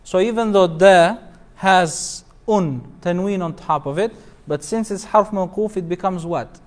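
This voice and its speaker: A man's voice: high-pitched, measured pace. A man, an imam, teaching a Quran recitation class, patiently explaining rules, quizzing students and chanting the verses melodically.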